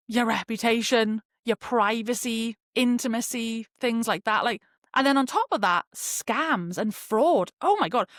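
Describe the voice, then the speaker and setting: A young adult woman hosting a casual solo podcast, talking in an animated, chatty way with lots of fillers like "like". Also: on the high side, dry recording, clean studio sound. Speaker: podcast host.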